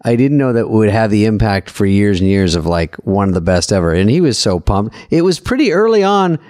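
A man's voice: lowish voice, sing-song, brisk, a little mellow, no echo, studio quality. Man acting out stories in casual chat. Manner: storyteller who acts out quoted dialogue. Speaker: podcast co-host, former comedy writer.

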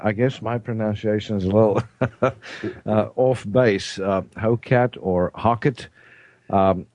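Low-voiced South African man hosting. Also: a little mellow, no room sound. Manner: halting, frequent throat clearing and fillers. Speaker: host. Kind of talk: casual radio talk show. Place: studio.

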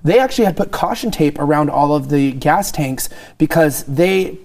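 A man's voice: a little high, lively intonation, moderate pace, gravelly, a little mellow. A man who is a guest commentator, chatting casually about politics in a joking, sarcastic way and laughing often.

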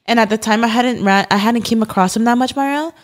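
A woman's voice: fairly high pitch, fast. Earnest young woman from California. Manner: earnest, lots of "like" fillers, sprinkled swearing. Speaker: podcast co-host. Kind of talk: casual chat. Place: podcast studio.

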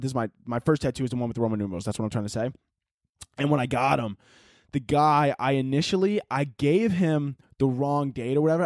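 A man's voice: medium pitch, a little mellow, dry recording, studio quality. A young man hosting a solo podcast, rambling casually and mocking himself, swearing as he goes. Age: young adult. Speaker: podcast host.

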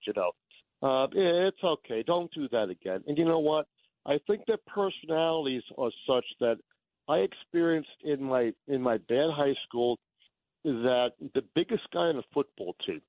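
A man's voice: mid-range voice, dry recording. Man, radio caller, rambling, repeats himself, tinny phone line, dry sound. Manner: rambling, stammering, storytelling. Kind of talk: call-in radio chat.

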